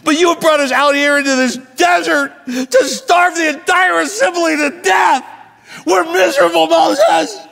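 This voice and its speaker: A man's voice: a little slow, gravelly, some chatter behind, heavily acted. A man putting on wailing, whining Israelites. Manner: high, shouting, wailing whine. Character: whining, complaining crowd of ancient Israelites. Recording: long church hall reverb.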